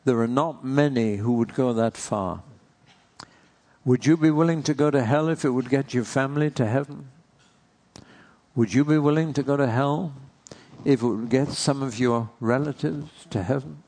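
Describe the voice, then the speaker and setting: A man's voice: medium pitch, moderate pace, darkish tone. A man preaching a sermon in an earnest way, posing rhetorical questions to the congregation.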